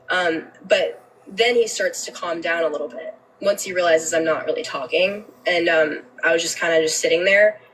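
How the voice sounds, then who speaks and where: Woman on a livestream telling her story, raw and halting, sounds a little far from the mic. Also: on the low side, a bit bright, a little hiss or hum. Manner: candid, emotional, swears freely, halting restarts.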